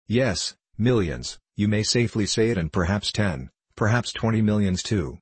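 A man reading the part of an indignant, gossiping female house servant in an audiobook, with a low, husky voice. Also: lively intonation, moderate pace, dry recording. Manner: complaining, sneering.

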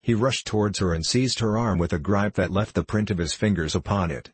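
A man narrating classic fiction in a measured, formal audiobook reading. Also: on the low side, husky, no room sound.

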